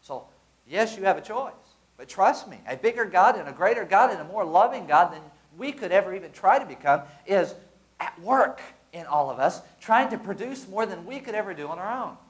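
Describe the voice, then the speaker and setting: Animated preacher man, fairly high voice. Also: a little fast, low-quality recording. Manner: animated preaching with sudden loud bursts and calls to the congregation. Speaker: pastor. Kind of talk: sermon.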